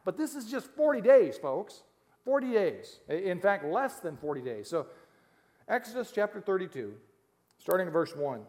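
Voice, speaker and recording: Animated preacher man, high voice. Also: normal speed. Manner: animated, jokey asides with laughs, reads scripture then explains. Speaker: pastor. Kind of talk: sermon.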